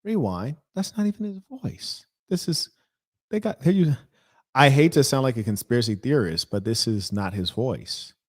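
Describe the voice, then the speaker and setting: A man hosts a reaction video in a mid-range voice with lively intonation at a moderate pace. His commentary is indignant, rambling, and emphatic, recorded with clean studio sound and no room sound.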